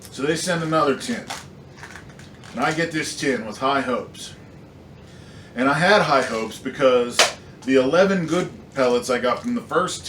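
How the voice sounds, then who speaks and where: A man reviews airgun pellets in a casual, rambling way, full of fillers and frustrated emphasis. His voice sits at an ordinary pitch. It rings around a hard room, picked up from a short distance with a faint hiss underneath. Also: a bit bright. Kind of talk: casual product review rant. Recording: echoey room, slightly distant mic, faint noise.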